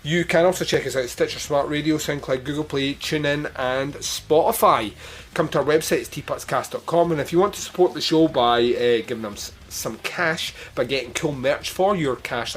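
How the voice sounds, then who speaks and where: A man hosting a podcast, chatting casually through his outro and rattling off where to find the show. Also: on the high side. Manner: chatty, rambling plugs. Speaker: podcast host.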